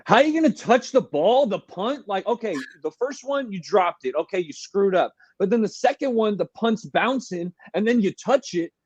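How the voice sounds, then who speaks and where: A man with a high voice hosts a casual sports call-in, all slang and excitable fan banter. The sound is dry and a bit dull, like a basic home mic with no room around it. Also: normal speed, few pauses, slightly rough, no echo. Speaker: call-in show host.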